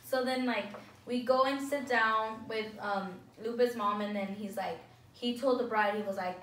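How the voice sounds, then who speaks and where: A woman's voice: fairly high pitch, unhurried. Chatty young woman telling a story in an echoey room. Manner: animated retelling with lots of "like". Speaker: vlogger. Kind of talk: casual storytime chat. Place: indoors, eating at a table. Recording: echoey room from a distance with some noise.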